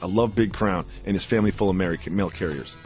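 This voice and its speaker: A man co-hosting a podcast with quick, joking banter. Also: low-pitched, a little mellow, faint music behind. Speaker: podcast co-host.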